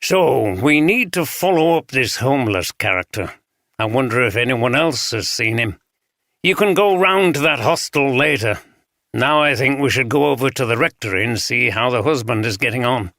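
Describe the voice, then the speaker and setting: A man's voice: medium pitch, animated, normal speed, fairly bright tone, dry recording, studio quality. A man voicing a plain-spoken male detective chief inspector with a northern English accent. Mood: businesslike.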